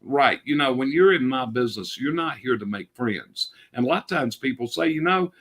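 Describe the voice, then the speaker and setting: A man's voice: medium pitch, lively intonation, fairly quick, hardly any pauses, fairly bright tone. A middle-aged man with a North Carolina Southern accent, a business coach talking bluntly and folksily in a casual interview. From North Carolina, Charlotte area.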